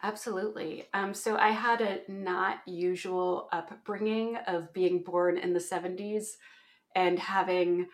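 A woman's voice: fairly low pitch, steady tone, unhurried. Canadian woman guest, 40s, chatty storyteller who laughs a lot. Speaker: guest, application security author. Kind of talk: casual interview chat.

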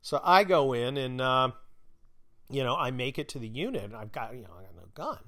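A man's voice: medium pitch, very animated, a little fast, a bit bright. Blunt, profane storytelling man. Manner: profane, blunt, acts out quoted voices. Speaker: podcast host. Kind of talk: casual storytelling.

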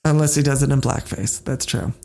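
A podcast co-host talking casually in a rambling, animated way. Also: mid-range voice, fairly quick, vocal fry.

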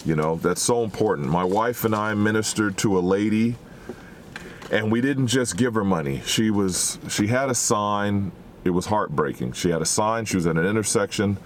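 A man's voice: fairly low pitch, moderate pace, slight background noise. A man preaching a sermon in an earnest, exhorting way, full of rhetorical questions.

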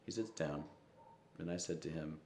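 In an interview, a young musician with a very low, deep voice recalls a personal story at a normal speed. He's reflective and slips into soft quoted asides, with the room ringing in echo around him.

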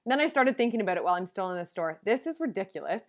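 Racing along in an expressive, fairly low voice, a young podcast host tells a casual story, chatty and self-deprecating, laughing at herself. The recording is dry and studio-clean.

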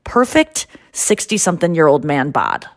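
A woman hosting a podcast, chatting casually and telling a story with lively, loud quoted voices. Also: sits low, moderate pace, dry recording, studio quality. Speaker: podcast host. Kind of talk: casual chat.

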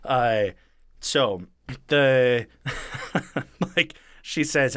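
A man's voice: mid-range voice, lively intonation, moderate pace, fairly bright tone, dry recording, clean studio sound. Casual, profane male storyteller. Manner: casual and profane, acting out quoted lines. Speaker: podcast co-host retelling a true story.

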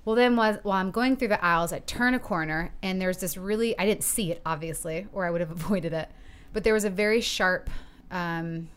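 A middle-aged woman telling an embarrassing story in a casual podcast chat, animated and giggly, acting out her own quotes. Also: lowish voice, brisk, clear, resonant tone. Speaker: podcast guest.

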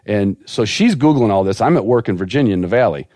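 Man spinning a lively yarn, dry sound. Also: on the low side, fast, no echo. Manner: animated, laughing storyteller. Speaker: podcast guest, dog breeder. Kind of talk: casual storytelling on a podcast.

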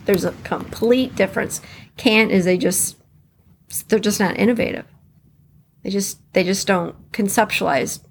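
A woman hosting a motivational podcast on her own, talking in a candid, blunt way, acting out what other people say and laughing often. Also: mid-range voice. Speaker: podcast host. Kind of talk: motivational solo podcast talk.

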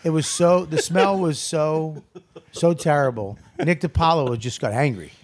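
A man's voice: fairly high pitch, a little slow. A man in casual podcast chat, telling loose, profane anecdotes with frequent laughter. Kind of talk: casual crude storytelling.

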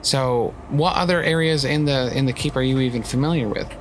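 A man's voice: mid-range voice, brisk, a little hiss or hum. Guy player asking careful questions, regular middle voice. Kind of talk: casual tabletop game chat.

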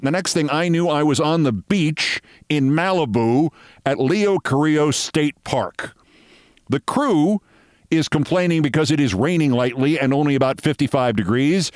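A middle-aged man with a mid-range voice, recorded in a clean studio without echo, hosts a show. He delivers a long storytelling monologue in a wry, sardonic style, acting out both sides of the conversation.

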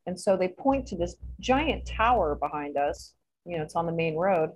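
A woman's voice: lowish voice, moderate pace, darkish tone, poor audio. A woman recounts a story in a loose, conversational way. She laughs often and swears freely as she talks. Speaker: interview guest. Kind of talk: casual storytelling.

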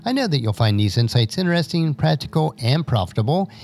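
Older guy doing a scripted advice podcast, bouncy up-and-down pitch, faint music behind. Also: very animated, darkish tone. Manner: measured, preachy delivery. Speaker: podcast host.

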